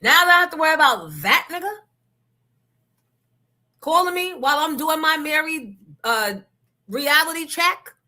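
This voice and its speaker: A woman's voice: sits high, animated, normal speed, long pauses, pushed and bright. A woman host ranting to her listeners in a blunt, profane, confrontational way. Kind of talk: casual rant to listeners.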